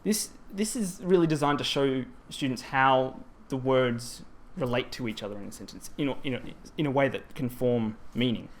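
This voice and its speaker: A man's voice: medium pitch, moderate pace, hardly any pauses. A man presenting at a language teaching symposium, explaining grammar in a conference talk with frequent ums and self-corrections.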